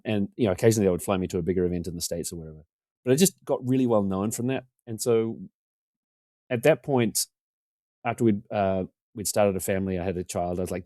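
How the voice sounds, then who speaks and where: A New man in his forties talks fast in a low, easygoing voice, spinning a long, self-mocking yarn as a podcast guest. He keeps slipping into the voices of the people he's quoting. The sound is dry and close, with no room around it. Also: mellow, dry recording. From New Zealand. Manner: rambling, self-deprecating, acts out quotes. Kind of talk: casual storytelling.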